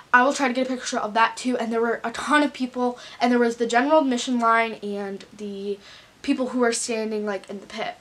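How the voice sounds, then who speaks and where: A woman's voice: a little high, fairly bright tone. A teenage girl from the United States telling a casual storytime vlog, gushing and saying "like" constantly. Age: teens. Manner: gushing, filler-heavy, with many "like"s. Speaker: vlogger.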